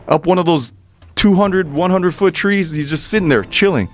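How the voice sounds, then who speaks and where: A man telling a personal story in an animated, excitable way, swearing freely and restarting his sentences. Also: sits high, normal speed, faint music behind. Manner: profane, excitable, stammering restarts.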